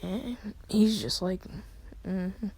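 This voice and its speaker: A woman's voice: mid-range voice, slow, creaky, darkish tone, breathy edge. A woman retelling a fan story in a whispered role-play, with casual fillers and quoted lines.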